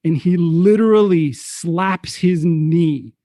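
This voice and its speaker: A man's voice: fairly high pitch, slow pace, mellow, no echo. Game master man, dry close sound. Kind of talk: narrating a tabletop game.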